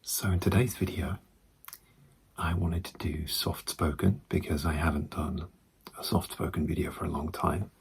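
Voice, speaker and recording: A man with a British accent, talking slowly and softly in soft-spoken ASMR, often slipping into whispers, close to the microphone. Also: low voice, steady tone, creaky, husky. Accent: British English. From Britain. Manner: slow, soft speech drifting into whispers. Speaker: ASMR creator.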